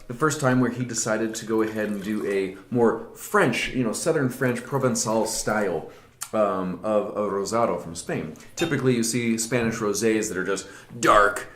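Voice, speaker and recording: A man co-hosting a casual wine tasting show, talking with enthusiasm and animated energy. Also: on the low side, slight background noise. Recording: echoey room.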